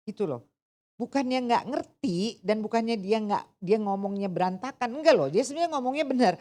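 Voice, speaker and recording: A woman teaching an English test class, switching between languages and firing questions at her students. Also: medium pitch. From Indonesia. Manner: animated, asks the class questions, code-switching. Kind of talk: interactive lesson, mixing English and Indonesian.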